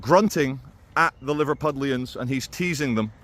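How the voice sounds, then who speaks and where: A man talking through his opinions in a casual, animated monologue to camera. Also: mid-range voice, normal speed. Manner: conversational and animated, with quoted impressions. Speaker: video commentator.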